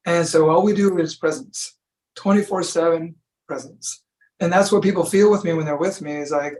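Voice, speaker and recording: Man, slightly high voice, laid-back, storytelling, casual interview guest. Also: a little fast, rough recording. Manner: laid-back, storytelling, says "you know" often. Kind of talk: relaxed conversational interview. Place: from Sacramento.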